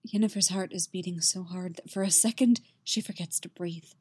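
A woman narrating a romance story aloud in an expressive, intimate way. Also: on the low side, normal speed, husky, dry recording. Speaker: reader of fan fiction. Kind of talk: audiobook narration.

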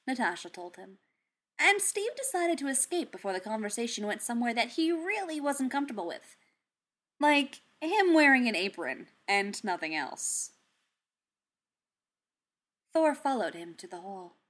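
Expressive woman reading a story aloud. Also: medium pitch, normal speed. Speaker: narrator. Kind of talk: reading fan fiction aloud.

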